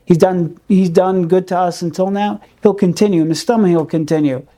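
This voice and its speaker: A man's voice: high voice, fairly even intonation, moderate pace, warm tone. A man teaching a recorded Torah class in an earnest, emphatic way, repeating key words for stress and peppering his speech with Hebrew terms.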